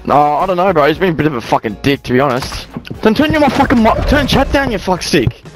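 A man's voice: fairly high pitch, very animated, quick pace, music in the background. A young Australian man in heated gaming voice chat, swearing and mocking another player. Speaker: online game player.

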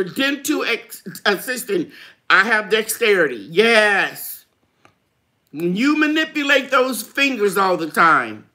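A woman's voice: fairly high pitch, pushed and bright. A middle-aged woman, hosting a gardening live chat in a chatty way, reading out viewer comments and laughing often. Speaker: gardening channel host.

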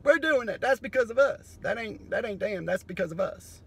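A man doing a profane, sardonic comedy monologue that breaks into sudden loud bursts. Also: high-pitched, animated, moderate pace, vocal fry, husky.

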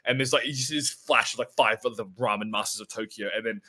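A man co-hosting a podcast in casual chat, excitable and rambling, swearing a lot as he talks. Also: mid-range voice, quick pace. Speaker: podcast co-host.

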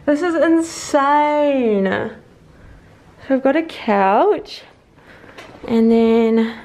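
A young woman in her twenties vlogging casually, gushing and swearing with excitement, at times tearful. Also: high voice, drawn-out words. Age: young adult. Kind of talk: casual vlog.

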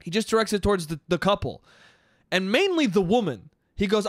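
A man with a high voice tells a story on his own podcast, cursing casually and wandering off track. He laughs at his own lines. The sound is dry and close. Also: sing-song, brisk, no echo. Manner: rambling, profane, laughs at his own stories. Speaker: podcast host.

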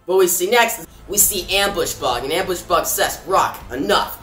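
A man's voice: high voice, moderate pace, bright, forceful tone, faint music behind. Casual chatty man in an echoey room. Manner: casual, chatty, addresses viewers. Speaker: comic book reviewer. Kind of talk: casual review vlog.

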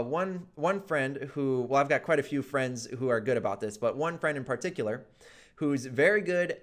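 Earnest rambling man giving gaming advice. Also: medium pitch. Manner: rambling, earnest, many fillers. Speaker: gaming YouTuber. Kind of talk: casual advice monologue.

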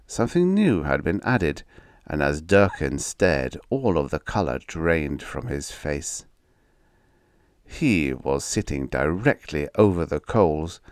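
A man narrating a dark vintage story as an audiobook reader, with measured, dramatic storytelling. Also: sits low, no room sound, studio quality.

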